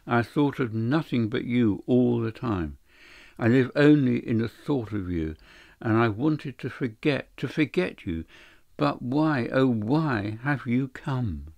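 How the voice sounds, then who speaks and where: A man's voice: medium pitch, animated, takes it slowly, creaky, no room sound, dull audio. A man voicing a frightened young married woman in an audiobook, breathless and imploring. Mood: pleading. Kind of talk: audiobook character reading.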